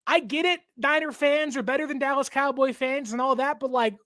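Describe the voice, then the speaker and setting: A young man hosting a casual sports talk show, given to animated joking rants. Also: very high voice, brisk, dry recording, studio quality. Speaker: show host.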